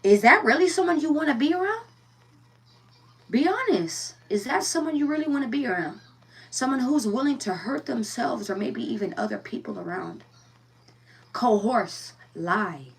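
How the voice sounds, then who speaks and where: A woman's voice: high-pitched, expressive, normal speed, husky, far from the mic. A woman giving a casual tarot reading, blunt and profane, firing rhetorical questions and repeating herself. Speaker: tarot reader.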